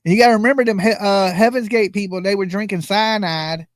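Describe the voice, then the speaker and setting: High-voiced joking man streaming. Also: steady tone, fast talker, no room sound. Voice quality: joking, rambling, laughs often. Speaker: livestream host commenting on a trial. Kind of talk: casual livestream chat.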